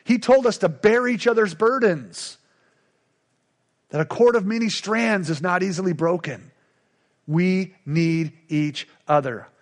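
A man's voice: high voice, animated, normal speed. A middle-aged male pastor preaching a sermon with emphatic, repetitive call-and-response lines.

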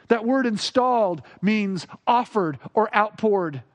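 A man preaching a sermon with expressive delivery, acting out quoted voices and rising sharply for emphasis. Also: high-pitched, unhurried. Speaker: pastor.

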